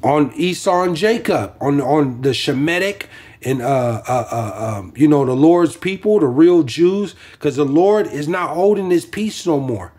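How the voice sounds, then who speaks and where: A man's voice: fairly high pitch, animated, measured pace, a little mellow, slightly rough. A man preaching informally from scripture, rambling with many fillers and restarts.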